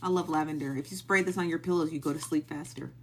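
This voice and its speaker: A woman's voice: deep voice, quick pace, background noise. A woman hosting a live stream, chatting casually and asking the same baffled questions again and again while thanking viewers as they join.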